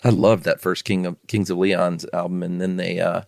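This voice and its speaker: Low-voiced easygoing podcast co-host man. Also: level tone, vocal fry, no echo. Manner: dry, easygoing asides and quick agreement. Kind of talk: casual chat.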